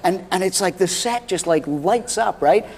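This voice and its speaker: A man's voice: sits high, moderate pace, big-room sound. A man, a guest on a comedy talk show, telling a comic anecdote and acting out the people in it. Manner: animated storyteller, acts out quotes. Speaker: guest actor.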